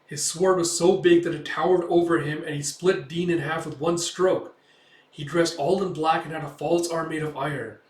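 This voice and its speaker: A man's voice: a little high, fairly even intonation, moderate pace, recorded from a distance, voice pushed up, lightly acted. Man doing a dutiful male soldier, reporting; roomy room. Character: eager male soldier reporting to his lord.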